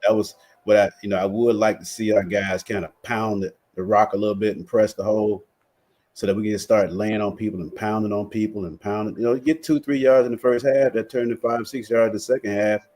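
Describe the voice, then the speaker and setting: A man on a sports talk panel, giving casual game analysis in a relaxed, steady way with many fillers. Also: fairly low pitch, a little fast. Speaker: panel guest.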